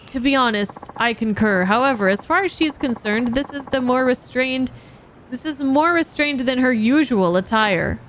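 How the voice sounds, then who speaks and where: A courteous male secretary and bodyguard, read by a woman in a high, clear voice. He is formal and measured, with a faint hum underneath. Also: fairly bright tone. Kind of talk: reading game dialogue aloud.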